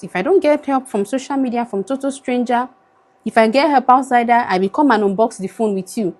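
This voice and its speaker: A young Nigerian woman with a high voice talks into her phone camera in an emotional vlog. Her Nigerian accent colours every line as she pleads in a tired, worn-down way, moving between English and Pidgin. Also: a little fast. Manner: pleading, weary, switches into Pidgin. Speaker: vlogger.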